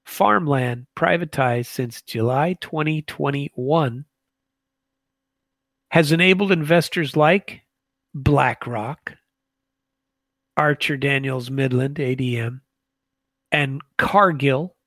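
A man giving a casual political commentary monologue, halting with many fillers and restarts. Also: mid-range voice, fairly bright tone, no room sound.

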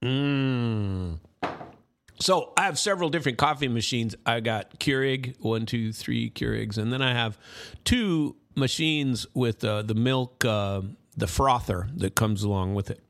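A man's voice: mid-range voice, moderate pace, vocal fry, a bit bright. A middle-aged man hosting a casual, rambling monologue, folksy and full of restarts. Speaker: host.

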